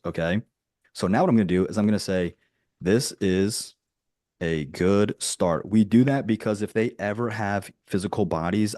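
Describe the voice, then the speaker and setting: A man coaching on a group call, talking in a direct, dry-humored, flat way and often trailing off with "right?". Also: deep voice, dry recording. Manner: rambling, with many restarts and "right?" tags. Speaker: business coach. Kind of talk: casual teaching on a group call.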